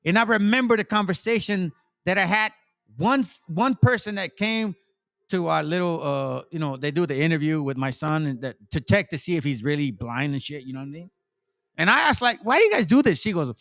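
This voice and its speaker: Running slightly fast, this man's voice sits on the high side, with vocal fry and a touch of brightness. He's a channel host who also sells insurance, and he launches into a heated, profane rant, cursing, dripping sarcasm and repeating himself.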